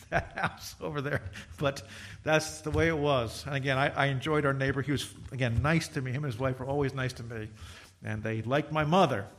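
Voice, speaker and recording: Animated older preacher, bright voice. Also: male voice, a little high. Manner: animated preacher, voice rising and falling. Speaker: pastor. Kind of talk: sermon.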